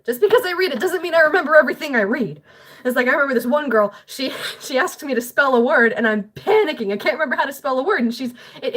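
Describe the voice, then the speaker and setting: A woman's voice: sits high, expressive, fast. A girl in her late teens, talking to herself at home in a rambling, self-deprecating, chatty way while doing homework. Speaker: vlogger.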